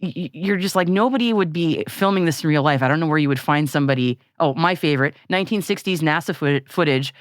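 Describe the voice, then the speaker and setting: A woman co-hosting a podcast in casual chat, animated and laughing often, with frequent restarts. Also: low-pitched, quick pace, few pauses, no echo, clean studio sound. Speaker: podcast co-host.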